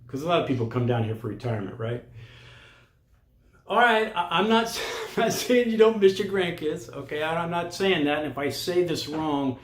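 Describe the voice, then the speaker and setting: A man's voice: a little high, animated, normal speed. An older man, a vlogger, talks bluntly and casually to camera, challenging the viewer directly. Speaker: vlogger giving expat advice. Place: lives in Costa Rica. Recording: roomy echo.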